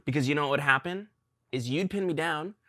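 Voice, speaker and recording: A young man hosting a podcast, talking earnestly and confessionally with his father, halting with ums and restarts. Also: fairly high pitch, sharp tone. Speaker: podcast host. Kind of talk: emotional conversation with his father.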